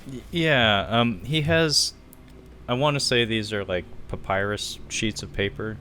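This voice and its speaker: A man co-hosting a casual film podcast, chatty and quick to laugh, full of "like" and "uh". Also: on the low side, pushed and bright, slight background noise. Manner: chatty, laughs often, many fillers like "like" and "uh". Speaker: podcast co-host.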